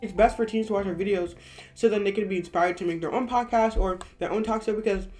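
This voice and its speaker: A woman's voice: medium pitch, fast, a little mellow, faint music behind. Teen girl co-host chatting to viewers. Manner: laughing reactions, upbeat asides to viewers. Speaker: podcast co-host. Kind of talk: casual chat.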